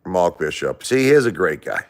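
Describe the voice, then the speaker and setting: A man with an East Coast American accent hosting a casual live stream from his home, talking emphatically and repeating himself. He has been sick for a few days and swings between loud protest and soft blessings. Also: low-pitched, very animated, moderate pace. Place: at home by a Christmas tree.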